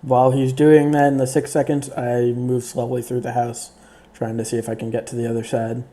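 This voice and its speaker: Male player, flat, dark voice, hesitant and stammering. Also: mid-range voice, a little fast. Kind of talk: playing a tabletop game.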